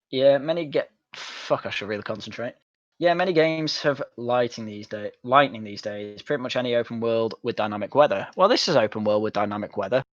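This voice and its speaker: A man's voice: mid-range voice, no echo, muffled recording. A young man from Manchester, chatting bluntly and swearing while streaming a game. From Manchester, England. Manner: blunt, sweary, mocking banter. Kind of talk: casual chat while gaming.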